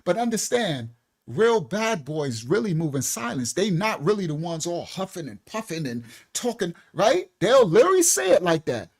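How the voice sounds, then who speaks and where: A man's voice: high voice, moderate pace. A man hosting a ministry channel, teaching viewers in a casual, colloquial monologue and often asking "right?". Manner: animated, repeats "right?" and "listen clearly", colloquial.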